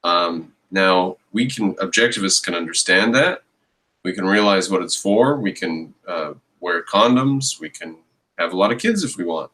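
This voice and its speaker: A man with a lowish voice rants his way through a reaction commentary. He stops the clip to pick it apart with exasperated, mocking scorn. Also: normal speed, sharp tone, rough recording.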